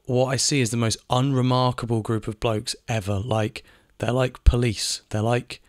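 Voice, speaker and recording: A man's voice: medium pitch, flat delivery, normal speed, no echo, studio quality. A man talking in a casual monologue, ranting, repeating phrases and swearing now and then. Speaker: video essayist. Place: home in Spain.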